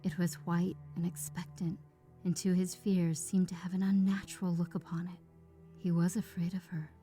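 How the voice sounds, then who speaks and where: A woman reads a classic horror tale in a lowered, hushed voice, slipping into whispers at tense moments. Her pitch sits on the low side. Quiet music plays beneath her. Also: level tone, moderate pace. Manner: hushed, often dropping to a whisper. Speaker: narrator. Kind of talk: scripted horror narration. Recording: faint background music.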